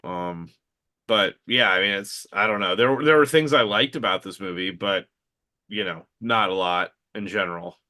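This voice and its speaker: A man's voice: fairly low pitch, moderate pace, pushed and bright. A man in his late thirties co-hosting a podcast in casual chat, hesitant and wry, with lots of fillers. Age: late 30s. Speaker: podcast co-host.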